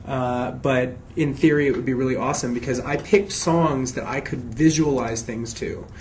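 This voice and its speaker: A man's voice: medium pitch, normal speed, slight background noise. Chatty man reading fan questions. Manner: chatty and expressive, often restarting sentences. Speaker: singer answering fan questions. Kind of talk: casual live Q&A, reading questions aloud.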